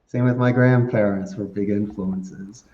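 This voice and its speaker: A man, a podcast guest giving casual interview answers in an animated, storytelling way and laughing often. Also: lowish voice, unhurried. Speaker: podcast guest, call center business owner. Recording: echoey room, dull lo-fi sound.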